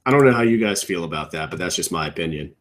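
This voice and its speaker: A young man with a lowish voice talks off the cuff from his home computer, in a loose, rambling chat. He is opinionated and jumps up in pitch when something annoys him, then lets each thought sink back down and fade at its end. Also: lively intonation, fast talker, a bit bright. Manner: opinionated, rambling, trailing off low at ends of thoughts. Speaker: podcast co-host. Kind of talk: casual wrestling riff commentary.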